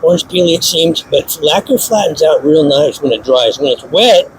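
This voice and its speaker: A man giving a casual hands-on painting demonstration in a workshop, snarky and self-mocking, with sudden excited outbursts. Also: on the high side, normal speed, a little hiss or hum, low-quality recording. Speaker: paint instructor.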